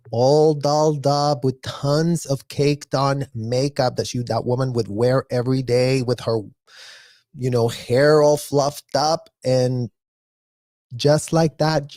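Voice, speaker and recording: Dry, mellow-voiced mocking male commentator. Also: medium pitch, no echo. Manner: mocking and indignant, mimics others. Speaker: commentary vlogger. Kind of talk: critical commentary video.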